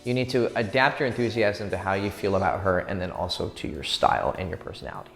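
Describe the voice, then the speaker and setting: A man giving blunt, profane dating advice, brash and swaggering, who keeps acting out quick pick-up lines. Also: low voice, creaky, fairly bright tone. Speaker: dating coach. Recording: echoey room with long reverb and faint music.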